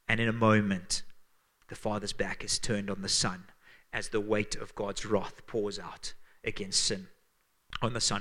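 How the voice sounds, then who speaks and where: A pastor with a Zimbabwean accent and a fairly low voice preaches a sermon, earnest and emphatic. He drops to hushed tones to give certain points weight.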